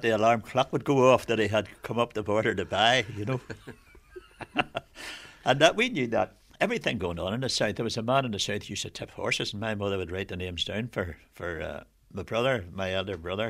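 An older man from Northern Ireland, reminiscing in an interview in a reflective, measured way. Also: lowish voice, animated, a bit bright.

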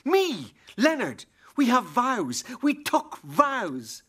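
An actor playing Leonard, a betrayed husband in a radio play, bitter and sarcastic. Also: male voice, very high voice, huge pitch swings, drawn-out words, a bit bright, husky, heavily acted. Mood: furious.

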